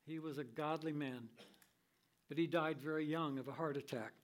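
An older man teaching from the Bible in a sermon style, reading scripture in a measured, deliberate way. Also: fairly high pitch.

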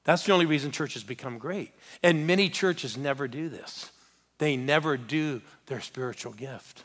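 A man's voice: medium pitch, moderate pace, a bit bright. A man preaching as a guest pastor in a church, telling a story and urging the congregation to respond. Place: church sanctuary.

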